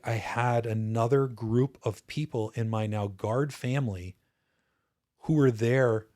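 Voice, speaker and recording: A man in his fifties speaks as a guest in a relaxed conversation. He looks back earnestly and thoughtfully, stopping and restarting his phrases as he goes. His voice sits at an ordinary middle pitch for a man. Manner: earnest, reflective, frequent restarts. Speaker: podcast guest, retired officer. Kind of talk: casual interview storytelling.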